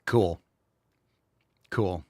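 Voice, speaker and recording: A man's voice: extremely slow, darkish tone, dry recording, studio quality. A man hosting a livestream, ranting and mocking while he reads viewer chat aloud, heavy with swearing. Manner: profane, mocking rant. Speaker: host. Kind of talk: livestream commentary, reading chat.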